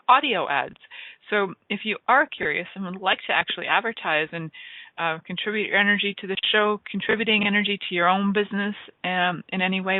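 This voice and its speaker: A woman's voice: on the low side, no room sound. A woman hosting a radio talk show, chatting in a rambling, enthusiastic way that often trails off and restarts. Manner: rambling, enthusiastic, self-interrupting. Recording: tinny phone-like line, dry.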